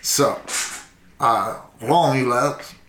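A man's voice: medium pitch, very slow, a bit bright, slight background noise. Tipsy, profane male storyteller; rambling casual chat in a roomy space. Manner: profane, rambling, acts out voices. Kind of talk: casual drunken history chat.

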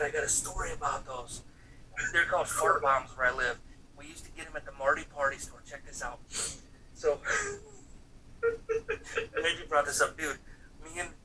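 Here a man in his thirties, his voice a little high and sharp in tone, rambles through profane stories in casual conversation, voicing quotes and leaning on fillers. He's recorded from some distance amid faint room ambience.

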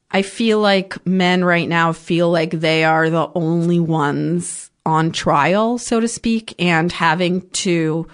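Frank, low-voiced woman podcast guest. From Ukraine. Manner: frank, swears freely, acts out her past outbursts. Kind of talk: candid conversational storytelling.

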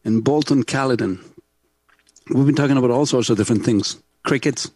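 A man's voice: mid-range voice, brisk, darkish tone, husky, no room sound. A middle-aged man hosting a talk show, chatting loosely and laughing often. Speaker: podcast host. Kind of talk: casual talk-show chat. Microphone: studio mic.

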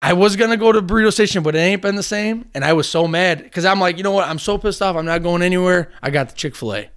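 A man in casual chat, telling long animated stories and swearing freely. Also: high voice, fast talker, clear, resonant tone.

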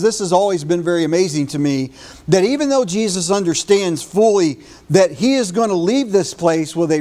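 A man's voice: high voice, a little mellow. A man preaching a morning sermon as pastor, retelling a scripture story in an earnest way with small restarts.

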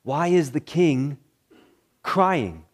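A male pastor preaching a sermon, swinging between loud excitement and hushed, somber tones, with deliberate repeated phrases. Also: a little high.

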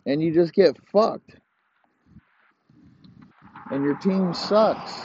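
A man's voice: a little high, lively intonation, slow, pauses often, mellow, lo-fi sound, slight background noise. A man hosting a podcast, ranting profanely and rambling in heated complaint. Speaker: podcast host. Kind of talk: profane casual rant.

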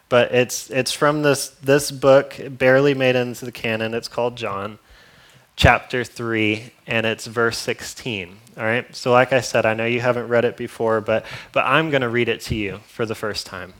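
Male preacher, mid-pitched, earnest sermon delivery with wry sarcastic asides, punchy loud emphasis dropping to hushed lines. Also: steady tone, normal speed. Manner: earnest, with playful sarcasm and chuckles.

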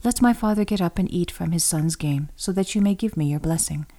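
A woman's voice: fairly low pitch, fairly quick, mellow. A woman reading the lines of a grown elder son, a wronged hunter, with a pleading, emphatic delivery. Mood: plain.

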